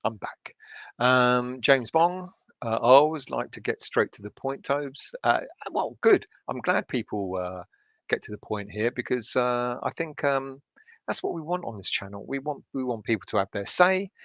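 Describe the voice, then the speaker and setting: A man's voice: medium pitch, fairly bright tone, dry recording, muffled recording. A middle-aged man hosts a late-night chat, keeping his voice down and swearing freely as he reads viewer comments. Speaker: fan channel host reading live chat. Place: home at night.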